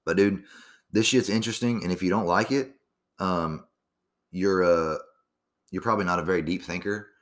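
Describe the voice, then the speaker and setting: A man's voice: low voice, normal speed, pauses often. A young man musing in a loose, profane monologue, full of fillers and restarts. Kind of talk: casual rambling monologue.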